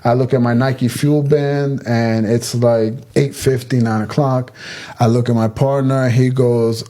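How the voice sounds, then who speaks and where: A man telling a story in a fast, dramatic way, acting out the quotes. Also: mid-range voice, fairly even intonation, warm tone. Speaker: storyteller recounting his arrest. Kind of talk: casual storytelling.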